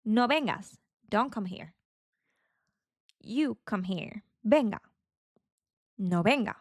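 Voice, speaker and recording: A woman teaching beginner Spanish, saying each phrase slowly and carefully and repeating it as a drill. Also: mid-range voice, dry recording, studio quality. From Spain. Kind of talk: beginner language lesson.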